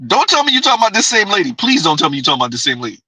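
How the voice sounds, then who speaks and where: Male streamer, sarcastic reaction commentary; high voice with a piercing edge. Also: wildly swooping pitch, racing, bright, forceful tone, husky, no room sound, rough recording. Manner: mocking, sarcastic.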